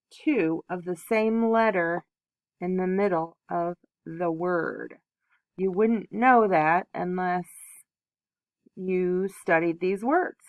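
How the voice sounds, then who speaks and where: A woman's voice: mid-range voice, no room sound. A woman teaching young children a phonics lesson, patiently sounding out letters and syllables.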